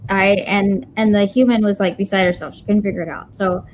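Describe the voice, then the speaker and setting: A woman working as an animal medium who chats as a guest, telling animated stories and breaking into exclamations. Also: medium pitch, fairly quick, slight background noise, low-quality recording. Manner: animated, exclamatory, acts out quoted voices. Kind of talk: casual conversation, storytelling.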